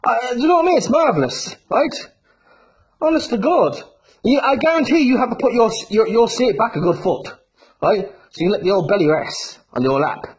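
A man's voice: very high voice, expressive, moderate pace, husky. A man delivering a taunting, swearing call-out rant at a rival fighter, tagging his lines with "right?" and "yeah?". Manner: insulting, swearing, constant "right?" and "yeah?" tags. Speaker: bare-knuckle fighter issuing a challenge.

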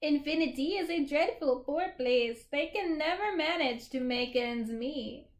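A woman's voice: high-pitched, unhurried, reverberant. A woman doing a precise, cheerful little boy. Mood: explaining. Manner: matter-of-fact, explaining.

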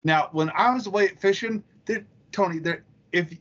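A man co-hosting a crude comedy podcast, telling profane stories with excitement. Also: sits high, moderate pace. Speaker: podcast co-host. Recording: dull, slightly lo-fi sound.

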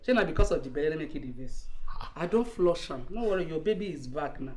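A brazen Pidgin-talking mistress. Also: female voice, sits low, lively intonation, fast talker, reverberant, soft background music. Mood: teasing. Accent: Nigerian Pidgin. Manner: teasing, cajoling, loud Pidgin banter. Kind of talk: Nollywood film acting.

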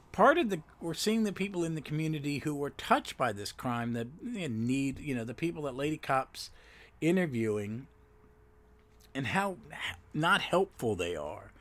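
A man's voice: mid-range voice, fairly bright tone. Rambling man recapping a comic. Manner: rambling, with self-corrections and fillers. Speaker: podcast host. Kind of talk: solo comic book recap.

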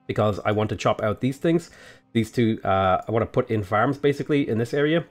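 A man with an Australian accent casually talking through a strategy game tutorial, explaining his moves in a relaxed way. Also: lowish voice, brisk, soft background music. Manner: relaxed, explanatory, frequent "uh" and "go ahead". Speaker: gaming YouTuber.

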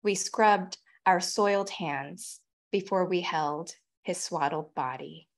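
Woman, 40s, poet; deliberate readings, fast halting asides, heard over a video call. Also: on the low side. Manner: measured, deliberate delivery of poems; quick, halting chat between them. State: tearful, voice catching. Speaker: featured poet. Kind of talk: poetry reading with spoken asides.

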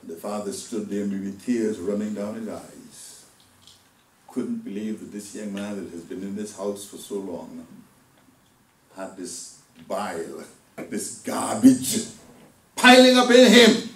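A man delivering a sermon as a deacon, swinging between loud outbursts and hushed asides. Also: on the low side, fairly even intonation, takes it slowly, echoey room, far from the mic, slight background noise, rough recording. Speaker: deacon preaching. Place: church hall.

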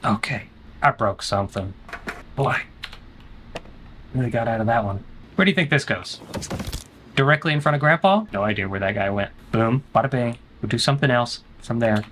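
A man's voice: mid-range voice, normal speed, pauses often, a bit bright, a little hiss or hum. A man streaming a horror game, joking and talking back to the game's characters in playful commentary.

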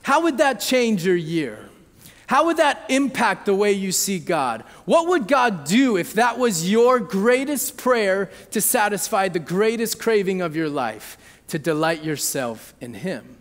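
A man's voice: sits high, very animated, unhurried. A man in his thirties preaching a sermon, telling a family story conversationally and often checking in with the audience. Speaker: pastor. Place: church hall. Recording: long hall reverb.

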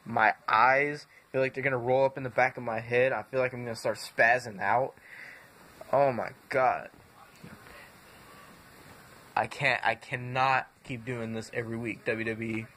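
Young man, bright forceful voice, angry profane rant to camera, faint room noise. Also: mid-range voice, fairly even intonation, a little slow, pauses often. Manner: swearing constantly, exasperated. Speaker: wrestling fan vlogger.

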